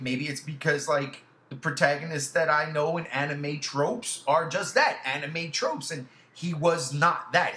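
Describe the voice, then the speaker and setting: A man co-hosting a casual podcast chat, talking loosely with heavy swearing and sudden loud outbursts. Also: fairly high pitch, reverberant. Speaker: podcast co-host.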